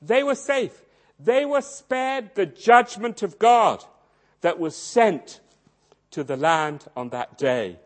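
A man preaching a sermon, swinging dramatically between loud emphasis and hushed low tones. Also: slow pace. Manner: acts out quoted voices in his storytelling.

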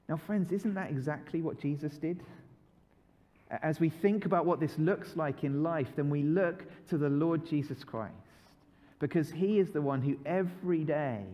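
A male preacher gives a children's sermon in a church hall, his voice mellow and a little high for a man. The long hall reverb trails after each phrase. He is animated, stretching words and asking the children to say lines with him. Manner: lively, repeats phrases for listeners to join in.

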